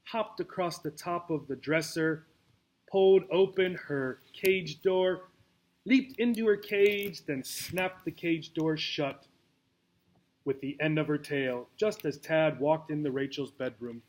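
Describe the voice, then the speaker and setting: A man's voice: a little high, slow pace, darkish tone. Man reading a children's book aloud. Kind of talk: storybook read-aloud.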